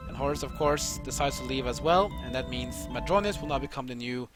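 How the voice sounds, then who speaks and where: A man's voice: mid-range voice, a little fast, over music. A man hosting a let's play, casually explaining the story as he plays and reading game text aloud. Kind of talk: gameplay commentary.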